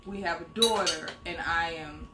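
A woman's voice: fairly low pitch, normal speed. A middle-aged woman co-hosting a live home cooking stream, chatting and teasing as she reads out viewer comments. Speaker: co-host of a live cooking show. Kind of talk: casual live-stream chat. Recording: echoey room with background noise.

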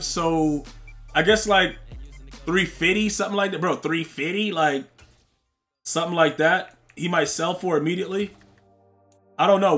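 A gaming streamer plays a football video game, chatting loosely with his chat in heavy slang and trash-talking the players. His voice is fairly high and fairly bright.

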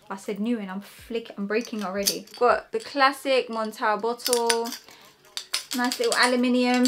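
A young woman reviewing perfumes in a casual vlog, gushing and excitable as she talks to her viewers. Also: fairly high pitch, noisy background. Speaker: fragrance reviewer.

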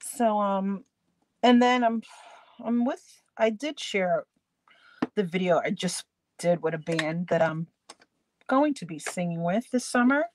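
A woman's voice: mid-range voice, animated, unhurried, pauses often, a little hiss or hum. A woman hosting a crafting live stream, chatting casually with her viewers and laughing often as she works. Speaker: crafting channel host.

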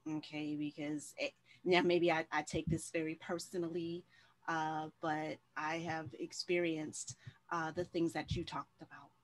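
A woman's voice: sits low, little pitch movement, measured pace. A woman moderating a discussion, chatty and personal, with frequent fillers and restarts. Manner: warm-hearted, chatty, many fillers and restarts. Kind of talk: casual conversational hosting.

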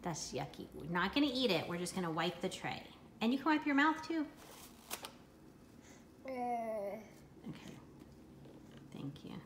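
Woman, mother, playful coaxing baby talk, slow unhurried pace, roomy echoey kitchen. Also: medium pitch, animated, fairly bright tone, slight background noise. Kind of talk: home video talking to a toddler. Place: home kitchen. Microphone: handheld camera taping.

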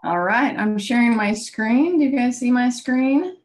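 A woman's voice: on the high side, measured pace. Confident woman giving a keynote talk. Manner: confident, enthusiastic. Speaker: keynote speaker. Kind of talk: presentation over video call.

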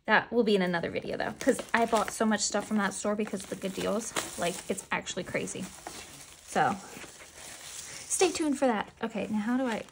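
A woman's voice: medium pitch, gravelly, a little mellow, a little hiss or hum. A woman chatting casually as she unboxes merchandise, chatty and self-deprecating with giggly asides. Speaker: unboxing vlogger.

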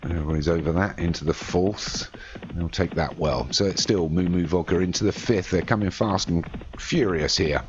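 A man's voice: sits low, normal speed. A man commentating a horse race in a racing game, calling the runners and positions. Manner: rises sharply to excited shouting at the finish. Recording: slightly dull lo-fi audio with faint noise.

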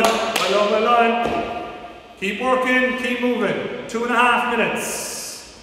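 A man coaching a live workout, with energetic, repeated encouragement and countdowns. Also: very high-pitched, slow pace. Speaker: fitness coach. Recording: echoey hall from far off, faint noise.

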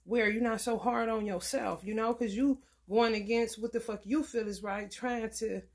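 A woman's voice: on the high side, fairly even intonation, normal speed, darkish tone. A woman giving a blunt, profane, preachy casual tarot reading. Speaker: tarot reader.

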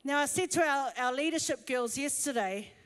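Nz woman pastor, high voice, jokey chatty preaching, big echoey church hall. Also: animated, normal speed, a bit bright. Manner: humorous, chatty storytelling. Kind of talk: conversational sermon. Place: church auditorium. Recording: long hall reverb.

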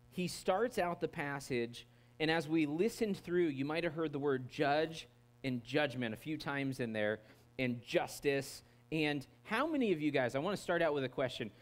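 A man with an American accent preaching a casual, joking sermon full of fillers. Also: fairly high pitch. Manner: joking, chatty, many fillers. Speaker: guest preaching pastor.

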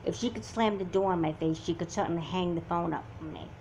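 A woman's voice: lowish voice, quick pace, a little mellow, a little hiss or hum, lightly acted, poor audio. A woman voicing a hurt, confused teenage girl who talks in a subdued, sullen way in an amateur doll movie. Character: hurt, confused teen girl, sulky and quiet.

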